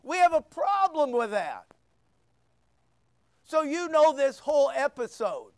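High pitched guy preaching real slow, dry close sound, gets loud then drops quiet. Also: big pitch swings, dry recording. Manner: emphatic preaching with sudden loud bursts and quiet asides. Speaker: pastor. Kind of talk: sermon.

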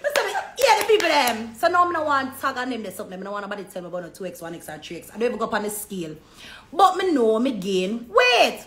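Lively Jamaican woman on a phone livestream. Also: fairly high pitch, fast. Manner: animated storytelling in patois, acting out quoted voices. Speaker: social media personality. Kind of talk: casual livestream chat. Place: hair salon, indoors. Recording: echoey room with faint background noise.

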